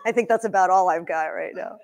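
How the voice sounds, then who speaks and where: A woman nutrition coach and cookbook author from Egypt, giving a lively talk to a live audience in a demo kitchen, asking them questions. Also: lowish voice, fast. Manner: energetic, questions the audience, emotional.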